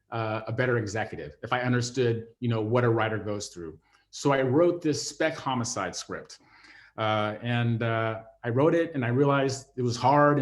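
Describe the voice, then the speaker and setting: A middle-aged man, a TV writer, telling a personal story with many fillers and restarts. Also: medium pitch. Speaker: TV writer and former network executive.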